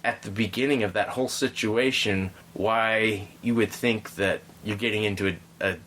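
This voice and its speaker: A man hosting a podcast, telling a story in a relaxed, rambling way with frequent restarts. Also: lowish voice, moderate pace, slight background noise. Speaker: podcast host. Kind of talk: casual storytelling chat.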